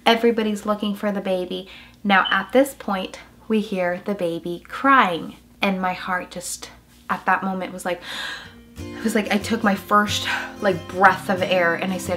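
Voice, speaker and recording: Young mom vlogger, emotional and halting, lots of ums and likes, soft music behind. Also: female voice, medium pitch, fairly even intonation. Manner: emotional, halting, many fillers. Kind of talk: personal vlog storytelling.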